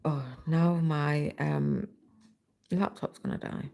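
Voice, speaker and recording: A woman's voice: low voice, little pitch movement, slow, gravelly, warm tone. A British woman hosting a casual livestream, chatting away and reading viewer comments aloud while she stitches, into a laptop mic. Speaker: livestream host.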